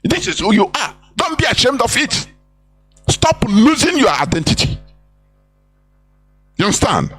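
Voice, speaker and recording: A man's voice: very high voice, very animated, unhurried, long pauses, sharp tone, breathy edge, soft background music. A Nigerian-accented man giving an impassioned, preachy live broadcast talk, repeating phrases and slipping into pidgin and Igbo. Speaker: broadcast speaker.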